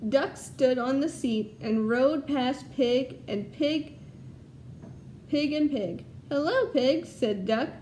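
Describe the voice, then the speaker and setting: Patient first grade teacher reading aloud, high voice, unhurried, echoey room. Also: female voice, warm tone, a little hiss or hum. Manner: patient, explaining to young children. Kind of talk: recorded lesson with storybook read-aloud.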